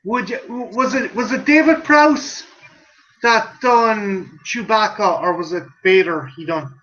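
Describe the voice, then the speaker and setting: A man's voice: high voice, measured pace, a bit bright, highs cut off. A man hosting a livestream in casual chat, rambling, swearing and laughing. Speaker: stream host.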